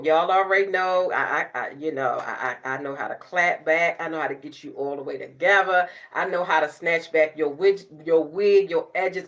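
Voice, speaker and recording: A middle-aged woman vlogger, chatting casually to camera, sassy and loud, laughing often and cussing freely. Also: fairly low pitch, muffled recording. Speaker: beauty vlogger.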